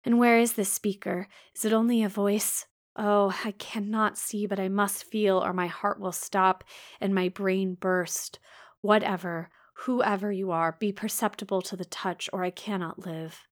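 A woman reading aloud brings in a blind, imperious gentleman who demands and pleads in a raised, higher voice. The tone is urgent and anguished, as in a storybook reading. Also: level tone, a little slow, natural voice. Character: blind, anguished middle-aged man, imperious.

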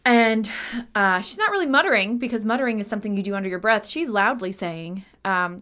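Mid-pitched woman player, casual and chatty, narrating her moves. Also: expressive, fairly quick, hardly any pauses, bright, forceful tone. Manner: chatty, describes her actions in detail. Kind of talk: casual tabletop role-play.

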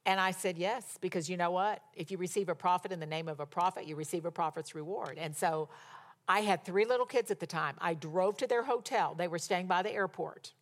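A woman's voice: fairly low pitch, fairly quick. A middle-aged woman delivers a sermon in a storytelling way. She is emphatic and exhorting, and she drives her points home through repetition. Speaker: preacher.

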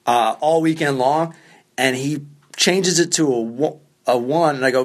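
A male stand-up comedian with a slightly high voice, spinning a loose, rambling story on his podcast. He mocks himself and swears freely in a relaxed, offhand way. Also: normal speed. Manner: rambling, self-deprecating, profane. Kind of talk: casual storytelling.

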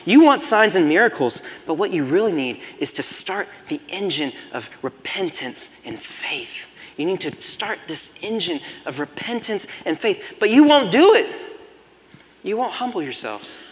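A man preaching a sermon as pastor, moving between loud emphatic passages and hushed, almost whispered lines. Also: sits high, lively intonation, normal speed. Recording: long hall reverb.

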